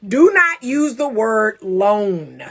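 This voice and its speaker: High-voiced, animated woman coach. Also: slow. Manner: animated and emphatic, acts out scenes with playful laughs. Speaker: relationship coach. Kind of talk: casual advice talk to women.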